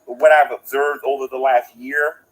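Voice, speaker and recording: A man's voice: mid-range voice, little pitch movement, normal speed, low-quality recording. A man outdoors ranting into his phone in a livestream, preachy and indignant, repeating himself for emphasis. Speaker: online commentator.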